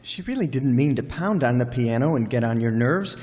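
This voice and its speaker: A man's voice: medium pitch, lively intonation, brisk, darkish tone, big-room sound, lightly acted. A man playing a kindly, doting father who stammers and soothes, in an amateur radio drama. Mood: soothing.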